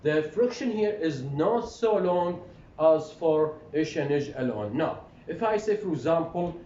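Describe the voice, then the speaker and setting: A man with an Iraqi Arabic accent, a native Arabic speaker, giving a phonetics lecture, halting with restarts and fillers, then drilling word pairs clearly. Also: animated, mellow. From Iraq. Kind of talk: classroom lecture, switching between English and Arabic. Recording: roomy, dull lo-fi recording with faint rumble.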